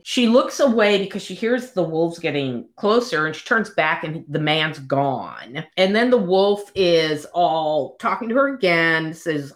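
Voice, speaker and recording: A woman hosting a podcast recaps a book in casual chat. She sounds wry and exasperated, with laughing asides, and her voice sits somewhat low. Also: lively intonation, unhurried, few pauses. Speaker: podcast host reviewing a book.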